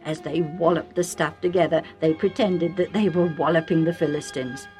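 A woman narrating a storybook for children, chatty and warm, with asides to the listener. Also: low-pitched, fairly even intonation, moderate pace, soft background music.

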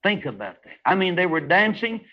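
A man preaching a fervent sermon, swinging between loud rising highs and hushed low passages. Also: very animated, a little fast. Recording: dull lo-fi old recording.

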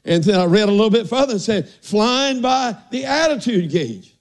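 A man's voice: high-pitched, expressive, moderate pace. An older man preaching a folksy sermon, often asking "are y'all listening" and saying amen.

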